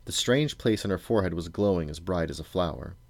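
A man reading a storybook aloud to his sons in a steady, measured way. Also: sits low, no room sound.

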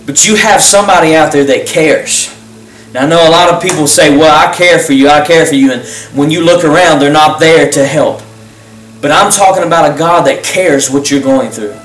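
A man's voice: a little high, moderate pace, a bit bright, faint music behind. A man who pastors and hosts the program, giving a fervent, repetitive closing altar call and leading a prayer. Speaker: pastor and host. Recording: roomy sound, distant mic.

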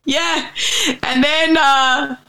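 A woman's voice: sits high, fairly even intonation, extremely slow, pushed and bright, rough recording. An Australian radio presenter, a woman, chatting animatedly as a guest in an interview, telling stories at length. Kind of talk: casual interview chat.

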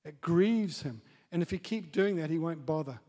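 A man preaching a sermon as pastor, dropping to soft asides and building up to loud, excited storytelling. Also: a little high, normal speed. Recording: long hall reverb.

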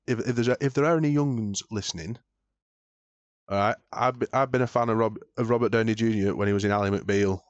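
A British man hosting a podcast, chatting casually and telling stories, growing animated when he jokes. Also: lowish voice, quick pace, dry recording, highs cut off. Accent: British English. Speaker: podcast host. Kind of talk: casual chat.

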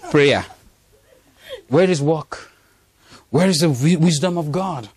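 A man preaching to his congregation, animated and laughing, drawing call-and-response from the listeners. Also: on the high side, takes it slowly, long pauses, background noise. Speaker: pastor. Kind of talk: sermon. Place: church congregation.

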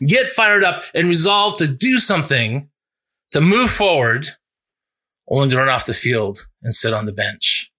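A male pastor giving a sermon in an earnest, conversational way, building to emphatic peaks and dropping low for reflective points. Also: pushed and bright. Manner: earnest, conversational preaching with restarts and rising emphasis.

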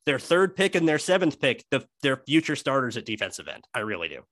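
A man co-hosting a sports podcast, breaking down football technique in emphatic, animated casual chat. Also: medium pitch, brisk, no room sound.

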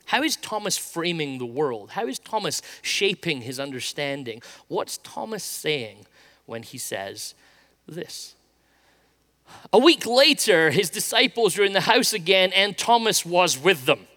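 Male preacher, middle-aged, high lively voice, bright tone, storytelling sermon. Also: a little slow. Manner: storytelling, animated, acts out quotes. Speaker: pastor.

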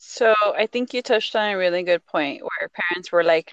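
A woman talking through parenting tips in a relaxed panel conversation, her voice smooth and clear. The sound is dry and a little dull, with no room around it. She illustrates each point with everyday examples and slips into Spanish phrases now and then. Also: on the low side, normal speed, no room sound. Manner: explains with examples, code-switches into Spanish phrases. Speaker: guest parenting expert. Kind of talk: casual panel chat.

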